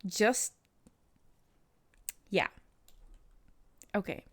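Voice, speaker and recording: A woman streamer playing a game, chatting casually, laughing often and reacting to her chat. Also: very slow. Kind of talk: casual livestream chat over gameplay.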